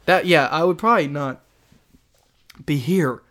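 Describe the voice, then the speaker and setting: A young man telling a story in casual chat, rambling and halting with many fillers and restarts. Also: a little high, fairly bright tone.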